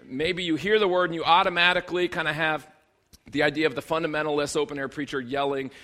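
A man's voice: on the high side, little pitch movement, fast talker, sharp tone. A man in his thirties, a pastor preaching a sermon in a conversational, humorous way, building to emphatic bursts.

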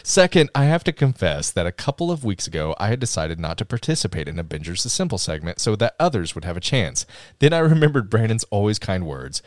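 A man co-hosts a casual live-streamed chat show and reads listener messages aloud. His pitch swings widely as he talks. The sound is dry and close. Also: sing-song, fast, dry recording. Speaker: podcast co-host reading listener comments.

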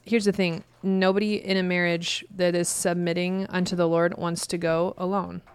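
A woman in her thirties speaks encouragingly about marriage and prayer, repeating key phrases for emphasis and laughing easily. Her voice is smooth and clear, a little low for a woman. The recording is dry and close. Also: level tone, moderate pace, no echo. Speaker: co-host. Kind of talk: casual chat on scripture.

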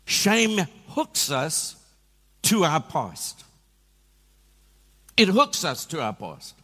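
A man preaching a sermon in a church, telling animated, self-mocking stories. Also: on the high side, extremely slow, big-room sound. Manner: animated storytelling with self-deprecating humor. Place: church hall.

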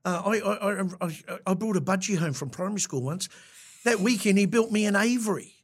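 Husky New Zealand man telling stories. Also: high voice, a little fast. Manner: reflective storyteller, many restarts, eh tags. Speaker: podcast co-host. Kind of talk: casual chat.

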